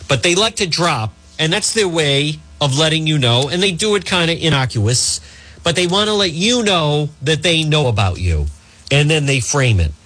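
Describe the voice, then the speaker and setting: A talk radio host, a man who rambles through his monologue and calls his listeners folks. His pitch swings up and down as he talks. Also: lively intonation, moderate pace, pushed and bright.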